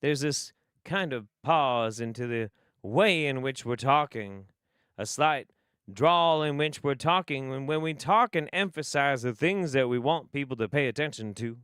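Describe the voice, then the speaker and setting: Sarcastic, animated man, dry close mic. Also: medium pitch, a little slow, clean tone, no room sound. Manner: sarcastic, swears a lot, laughs often. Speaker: streamer reacting to clips. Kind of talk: casual profane commentary.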